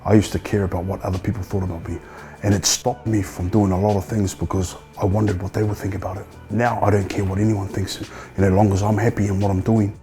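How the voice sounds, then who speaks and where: A man's voice: fairly low pitch, quick pace, soft background music. A middle-aged man with a New Zealand accent, a comedian telling his story in an interview in a loose, rambling way. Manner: relaxed, rambling, swears freely. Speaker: stand-up comedian, men's housing manager.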